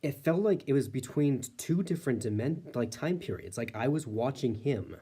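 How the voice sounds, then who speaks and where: A man's voice: medium pitch, lively intonation, normal speed, dark tone, husky. A man casually telling a personal ghost story, rambling with lots of filler words and an easy, matter-of-fact manner. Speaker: storyteller host.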